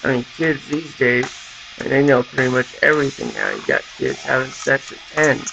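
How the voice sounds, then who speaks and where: A man's voice: medium pitch, huge pitch swings, brisk, gravelly, highs cut off, over music. A young man from Southern California, a vlogger rambling and swearing in a casual rant to his camera. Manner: profane, rambling, full of fillers. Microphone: camera mic.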